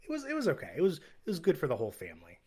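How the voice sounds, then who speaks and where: A man's voice: on the high side, wildly swooping pitch, very fast, warm tone, slightly rough. A young man co-hosting a podcast, laid-back and rambling, often chuckling as he retells scenes. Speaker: podcast co-host. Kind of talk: casual chat.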